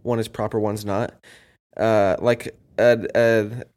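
A man's voice: on the low side, level tone, takes it slowly, darkish tone. A man co-hosting a podcast in loose banter, rambling through his points with lots of filler words. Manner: rambling, full of "like" and restarts. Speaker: podcast co-host.

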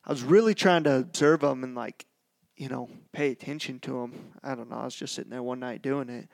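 A man's voice: mid-range voice, a little fast, vocal fry. A man hosting a casual podcast, talking in a laid-back way and calling his co-host dude and bro.

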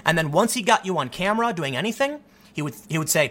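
High voiced guy ranting casually, lively swings, stumbles over restarts a lot. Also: quick pace. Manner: animated, repeats himself, many restarts. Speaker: commentary host. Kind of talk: casual political commentary.

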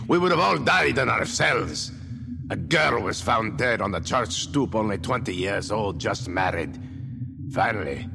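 A brooding old blacksmith, voiced by a man, speaks low and gravelly. His telling swings widely in pitch with forceful, grim emphasis. A long hall reverb trails every line. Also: noisy background. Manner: grim, emphatic storytelling with sudden shouts. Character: gruff old male village blacksmith, brooding.

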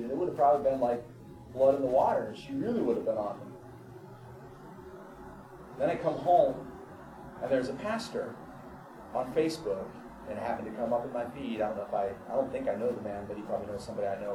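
A man's voice: medium pitch, background noise. Preaching man in an echoey hall. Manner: preaches scripture in rising bursts, then tells stories conversationally. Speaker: pastor. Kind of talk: sermon. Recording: echoey room, far from mic, crowd.

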